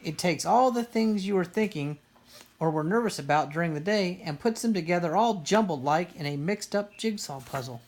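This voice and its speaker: A gentle, patient mother bear from a children's storybook, voiced by a woman reader. She explains things in a soothing, steady way. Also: on the low side, normal speed, a little hiss or hum, close to an everyday voice.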